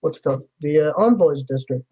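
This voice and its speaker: A man's voice: a little high, expressive, a little fast, dark tone, husky, dull audio. A man narrating a tabletop game as game master in a loose, rambling way, full of fillers.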